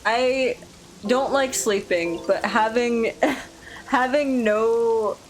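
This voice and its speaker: A woman streaming a game, chatting casually and sleep-deprived, playful, rambling and quick to laugh. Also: a little high, rough recording. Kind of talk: casual gameplay commentary. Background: game music.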